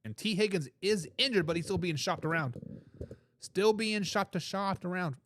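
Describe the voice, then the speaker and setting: A man's voice: sits high, normal speed, fairly bright tone, dry recording. A man hosting a casual sports talk show, reading out viewer comments, repeating his points with emphasis and laughing between remarks.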